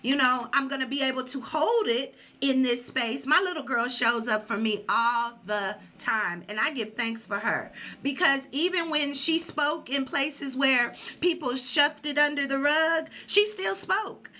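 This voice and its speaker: High, bright-voiced woman giving an inspirational talk. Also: unhurried, hardly any pauses. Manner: emphatic and preachy, repeating phrases for effect. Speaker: livestream host.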